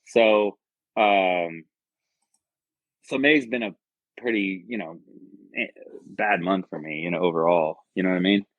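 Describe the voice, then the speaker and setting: A man's voice: low-pitched, measured pace, pauses often, no room sound. A man from the United States, a podcast guest and army veteran, telling a personal story in a rambling, profane, earnest way. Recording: dull lo-fi podcast audio.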